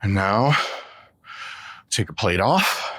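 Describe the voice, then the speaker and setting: A man's voice: lowish voice, animated, slow, background noise. A man hosting a fitness vlog, chatting casually between sets in a gym, profane, joking and rambling. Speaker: fitness channel host.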